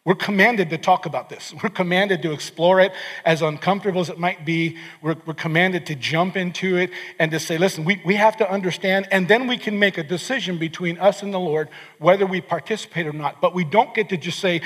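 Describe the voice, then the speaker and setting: A man's voice: high-pitched, fairly quick, fairly bright tone. A man preaching a sermon as pastor, earnest, often restarting and repeating words as he explains scripture. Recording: long hall reverb.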